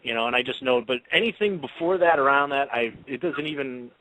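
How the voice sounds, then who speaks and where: Man, bright tone, radio co-host, casual chat, hesitant, filler-heavy. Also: medium pitch, a little fast, low-quality recording. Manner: hesitant, many fillers, trailing off.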